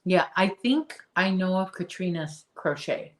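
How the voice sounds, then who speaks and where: A woman's voice: lowish voice, unhurried. A woman hosting a crochet livestream, chatting casually with her viewers and answering their comments, often restarting her sentences. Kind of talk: casual live chat while crocheting.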